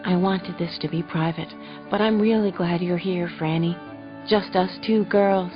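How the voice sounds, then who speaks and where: Brief: woman voicing a hushed, wondering young mother, soft and breathless, on dull lo-fi audio with faint music. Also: on the low side, fairly even intonation, measured pace, lightly acted. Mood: tender.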